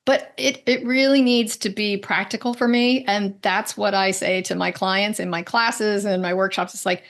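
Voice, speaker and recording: A woman with a mid-range voice speaks as an interview guest. She tells stories with energy, slips into other people's voices when quoting them, and keeps tossing in quick tag questions. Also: medium pitch. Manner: animated storyteller, acts out quoted voices; frequent "right?" tag questions. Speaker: guest, medical intuitive. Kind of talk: conversational interview.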